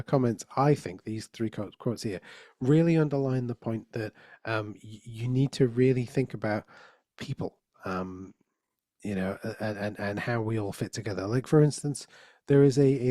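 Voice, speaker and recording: Male conference speaker, warm mellow tone, chatty delivery full of restarts, dry close sound. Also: medium pitch, no room sound. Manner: conversational, frequent restarts and "right?" tags. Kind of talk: conference talk.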